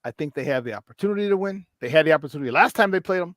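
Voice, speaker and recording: A man co-hosting a sports talk show, with a voice pitched a bit high for a man. He tells stories in a loose, filler-heavy way, swears freely, and turns loud when he acts out a moment. The sound is close and dry, with no room echo. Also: rapid-fire. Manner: animated storyteller who shouts in retold scenes, swears freely. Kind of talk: casual sports radio chat.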